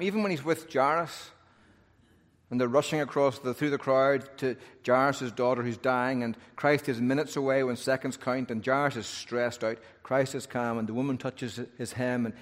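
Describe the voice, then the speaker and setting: A man preaching a sermon in an animated way, with humorous asides. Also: medium pitch. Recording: long hall reverb.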